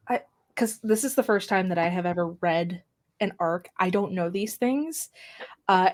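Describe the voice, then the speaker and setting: A woman co-hosting a podcast, talking excitedly about a book she loves in casual chat. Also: lowish voice. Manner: excitable, gushing fan. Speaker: podcast co-host.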